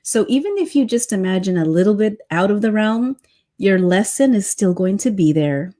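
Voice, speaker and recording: A woman's voice: mid-range voice, lively intonation, moderate pace, warm tone. A woman who guides past-life regressions, telling a story in a chatty way full of fillers. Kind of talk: casual storytelling on a podcast.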